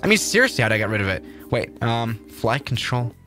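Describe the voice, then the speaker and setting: A man chatting excitably through a flight simulator livestream, often restarting his sentences. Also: mid-range voice, quick pace, faint music behind. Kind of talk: casual livestream commentary.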